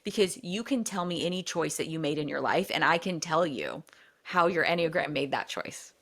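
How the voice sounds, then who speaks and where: A woman hosting a podcast in casual chat, animated and talkative. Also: sits low, moderate pace. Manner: animated, talkative, says "y'all". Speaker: podcast host.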